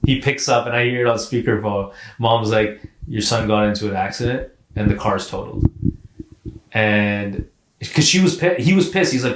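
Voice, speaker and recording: A man co-hosting a podcast, telling a personal story in a casual, animated way, swearing and saying "like" often. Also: on the low side, normal speed, echoey room, slight background noise. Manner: animated, profane, repeats words and says "like" often. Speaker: podcast co-host.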